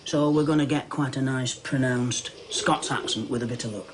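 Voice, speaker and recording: A man explaining in a deadpan, matter-of-fact way in a filmed clip. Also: mid-range voice, normal speed, noisy background. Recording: studio audience laughter over clip.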